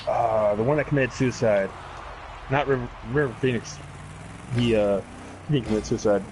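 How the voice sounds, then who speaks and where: A man's voice: mid-range voice, moderate pace, noisy background. A man co-hosting a casual gaming stream, joking crudely and swearing a lot. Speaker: podcast co-host.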